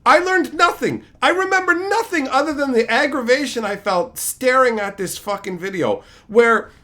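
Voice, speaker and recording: A man's voice: extremely high pitch, animated, normal speed. Guy ranting on his stream, swears a lot, voice swings all over the place. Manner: profane, exasperated, escalating into shouting rants. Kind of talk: ranting storytelling to a live chat.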